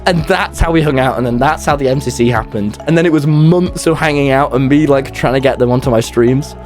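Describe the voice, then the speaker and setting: A man's voice: mid-range voice, brisk, faint music behind. A young man, telling rambling stories in a casual chat and swearing as he goes. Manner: rambling, animated storytelling with swearing and laughter.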